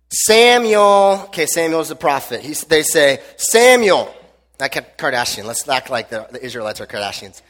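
A man's voice: mid-range voice, fairly even intonation, brisk, fairly bright tone. A man preaching a casual, joking youth sermon, chatty and full of slang, talking to teens in a church hall. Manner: joking, chatty, uses lots of slang fillers. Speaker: youth pastor. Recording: long hall reverb.

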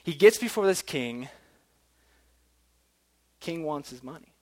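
A man's voice: on the high side, expressive, slow, darkish tone. A man preaching a sermon in a casual, chatty way, often restarting his words.

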